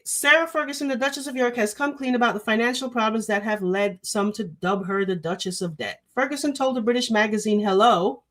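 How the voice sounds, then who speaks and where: A woman's voice: a little high, fairly bright tone. Chatty woman hosting a livestream. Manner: chatty, talks straight to viewers, many fillers. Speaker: show host. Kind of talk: livestream commentary, reading news articles aloud. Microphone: desk microphone with a loose cable.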